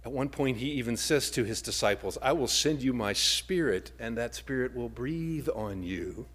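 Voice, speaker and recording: A male pastor preaching with wide swings in volume. He rises to forceful emphasis, then drops to soft, breathy near-whispers. His pitch sits at a middle level for a man. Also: animated, normal speed. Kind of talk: sermon.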